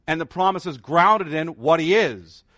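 A man's voice: fairly high pitch, lively intonation, moderate pace, a bit bright, no echo, studio quality. A man preaching a sermon as pastor, earnest and rising to emphatic declarations.

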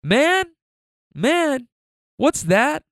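A man's voice: very high-pitched, very animated, very slow, vocal fry, fairly bright tone, no echo, clean studio sound, voice pushed up, full character voice. A man voicing a sulky, demanding three-year-old boy with a whiny, petulant way of talking.

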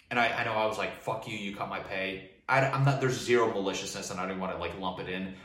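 A young man rants in a loose, rambling monologue, swearing freely and working himself up as he talks. His voice sits a little low. The sound is roomy and echoey, picked up from some distance off the mic. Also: fairly bright tone, slight background noise. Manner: profane, heated and rambling. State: drinking wine. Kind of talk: casual monologue vent.

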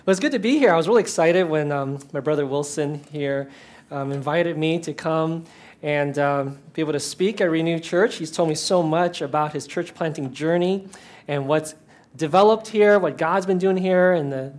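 A man's voice: fairly high pitch, fairly even intonation, moderate pace, darkish tone. A man giving a sermon as a guest preacher, casual and joking, with many fillers and restarts. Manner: casual, self-deprecating, frequent fillers and restarts.

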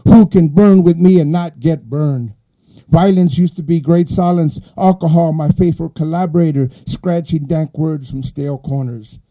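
A middle-aged poet with an East Los Angeles Chicano accent, giving a live reading. His voice sits a little high for a man yet sounds very dark and mellow. He swings from quiet, halting asides to forceful, rhythmic declaiming. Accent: East Los Angeles Chicano English. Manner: soft and halting when chatting, rising to forceful rhythmic declaiming in the poem.

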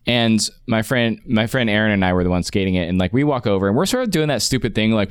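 A man's voice: lowish voice, animated, fairly quick, clear, resonant tone, no echo. A man in his forties telling a long anecdote in casual chat, rambling with many restarts and fillers.

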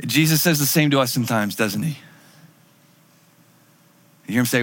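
Mężczyzna, pastor wygłaszający kazanie w żywym, gawędziarskim stylu, nagrany z długim pogłosem dużej sali. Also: male voice, mid-range voice, moderate pace, in a large hall. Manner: lively conversational storytelling with acted-out quotes. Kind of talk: sermon.

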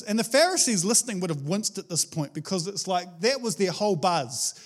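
Man, high voice, casual sermon, animated, chatty, frequent restarts. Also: normal speed, few pauses. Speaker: preacher.

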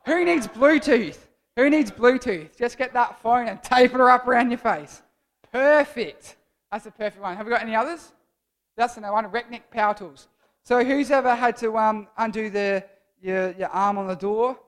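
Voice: mid-range voice, steady tone, brisk. A young adult giving a casual, jokey youth sermon as a church speaker, rambling and playful.

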